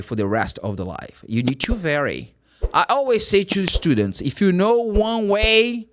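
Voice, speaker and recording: Man, 40s, English teacher, emphatic, very lively intonation, slightly high voice. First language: Portuguese. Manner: animated, emphatic, repeats example phrases. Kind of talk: energetic online English lesson.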